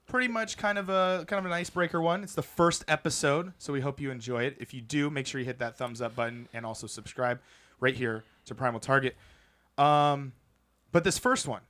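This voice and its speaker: A man's voice: medium pitch, fairly bright tone. Young male podcast host, playful, teasing, easygoing mid-range voice. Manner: playful, eggs others on. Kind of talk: casual gaming podcast chat.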